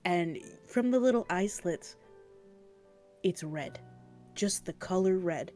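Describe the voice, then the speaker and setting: A woman narrating a tabletop game as game master, slow and playfully descriptive. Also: on the low side, expressive, dark tone, soft background music.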